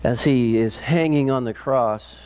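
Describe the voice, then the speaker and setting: A man preaching a sermon, retelling a story with dramatic intensity, climbing high and loud at peaks and dropping low and slow for solemn moments. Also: smooth. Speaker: pastor.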